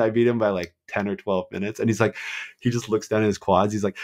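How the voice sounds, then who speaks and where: A man on a podcast telling running stories in a casual, animated way, acting out quotes with lots of fillers. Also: fairly low pitch, quick pace. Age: adult with a child. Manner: animated storyteller, acts out quotes, many fillers. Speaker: guest marathon runner.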